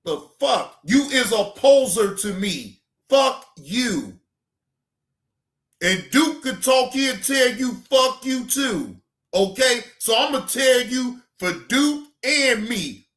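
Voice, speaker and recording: A male reaction channel host giving heated, profane ranting commentary, often shouting. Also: extremely high pitch, animated, slow, roomy sound, faint music behind.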